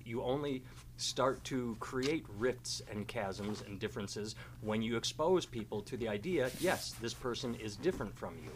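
A man co-hosting a podcast, telling a story at a relaxed pace with a dry sense of humor. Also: medium pitch, moderate pace, a little hiss or hum. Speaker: podcast co-host. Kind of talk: casual podcast chat.

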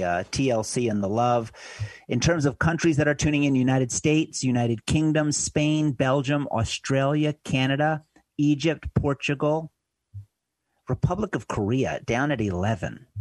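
A man's voice: medium pitch, no echo. Chatty male talk radio host, dry studio. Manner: conversational, loose, with fillers and asides. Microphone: studio microphone.

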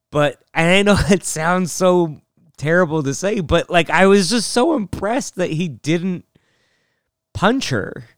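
A man's voice: a little high, clear, resonant tone, no room sound, clean studio sound. A young man hosting a podcast, telling rambling self-mocking stories and laughing often. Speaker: podcast host. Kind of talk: casual storytelling monologue.

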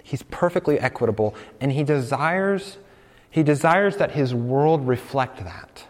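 A man from the United States preaching a sermon in a conversational, animated way. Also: mid-range voice, measured pace, long reverb tail. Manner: conversational and animated, acting out quoted voices. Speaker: pastor.

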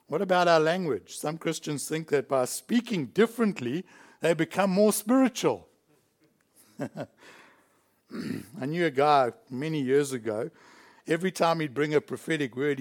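Emphatic preacher from South Africa, slightly high. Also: male voice, expressive, normal speed. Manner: emphatic preaching, chuckles between points. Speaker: pastor. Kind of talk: sermon.

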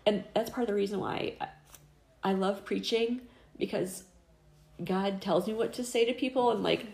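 A woman's voice: medium pitch, moderate pace, gravelly, a little mellow, reverberant. A middle-aged woman telling a personal faith story in casual conversation. She is earnest and chatty, with many fillers, and acts out the voices she quotes. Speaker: interviewee.

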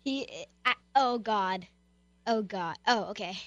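A woman's voice: medium pitch, slow, a bit bright, no room sound, muffled recording. A woman co-hosting a radio show, reacting in short, bubbly interjections and casual banter.

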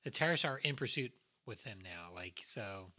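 A man's voice: on the low side, lively intonation, moderate pace, bright, forceful tone. A man co-hosting a casual movie podcast, rambling and swearing freely as he retells film scenes. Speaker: podcast co-host.

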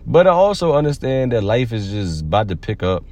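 Low-voiced man giving a loose slangy pep talk. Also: very animated, fairly quick, darkish tone. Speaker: podcast host. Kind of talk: casual motivational monologue.

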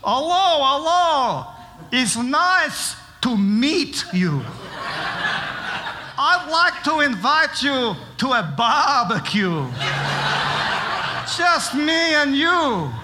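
A man voicing a sly, smooth-talking male wolf in a story for children, drawn-out and fake-friendly. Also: very high voice, sing-song, noisy background, full character voice. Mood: luring.

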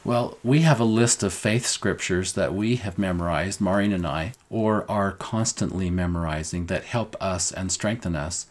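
A man's voice: sits low, moderate pace, few pauses. A middle-aged man teaching a gospel lesson, quoting a talk in an earnest, tender way. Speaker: scripture teacher.

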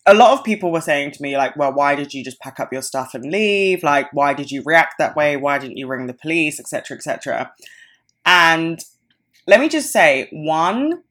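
A woman's voice: deep voice, fairly bright tone. A woman in her twenties hosting a podcast, telling a personal story in a casual, unscripted way, swearing freely and acting out the dialogue. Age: 20s. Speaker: podcast host.

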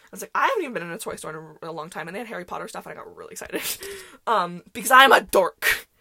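A woman's voice: fairly low pitch, huge pitch swings, racing, vocal fry, sharp tone, husky, dry recording. A young woman hosting a podcast, telling stories in a chatty, rambling way, full of fillers and laughing often. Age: young adult. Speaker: podcast host. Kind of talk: casual solo storytelling.

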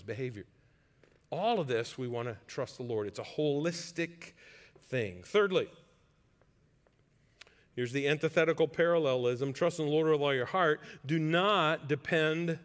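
A man's voice: mid-range voice, in a large hall. A man preaching a sermon as pastor, earnest and conversational, building to emphatic points.

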